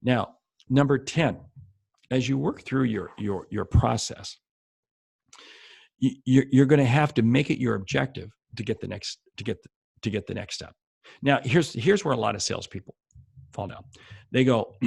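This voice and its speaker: Male sales coach, husky gravelly voice, emphatic and repetitive, talking straight to camera, dry recording. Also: mid-range voice, moderate pace, pauses often, darkish tone, dry recording. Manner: emphatic, repeats key phrases for stress; speaks directly to the viewer. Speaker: sales trainer. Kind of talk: motivational coaching talk to camera.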